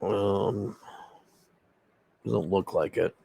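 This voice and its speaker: A man's voice: low voice, fairly even intonation, very slow, gravelly, warm tone, slightly rough. A man casually recapping a film's plot in a rambling, profane way, acting out the characters' lines. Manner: rambling and profane, with many fillers and acted-out quotes. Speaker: film reviewer.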